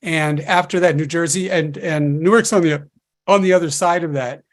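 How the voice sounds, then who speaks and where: A man speaking as a linguist guest on a webinar panel, explaining in a hesitant, halting way over a video call. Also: fairly high pitch.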